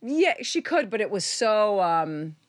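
A woman's voice: medium pitch, very animated, slow, no echo. A woman of fifty from Queens with a New York accent, hosting a chat show and swearing freely. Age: 50s. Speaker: podcast host. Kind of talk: casual chat.

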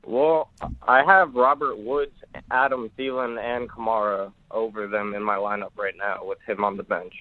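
A man's voice: lowish voice, fairly even intonation, normal speed, dry recording. A man calling into a radio show, speaking hesitantly with many ums. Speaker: caller. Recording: tinny phone line.

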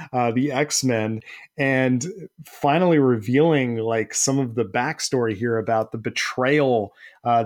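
A man co-hosting a comic book podcast, talking casually and rambling as he hunts for the right words. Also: medium pitch. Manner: rambling, many fillers and restarts. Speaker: podcast co-host. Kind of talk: casual chat.

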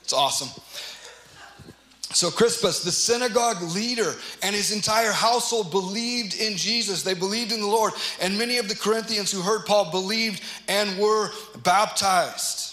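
A man's voice: high voice, moderate pace, pushed and bright, reverberant, poor audio. A man teaching a Bible study as pastor, reading passages aloud and explaining them in an earnest, emphatic way with casual asides.

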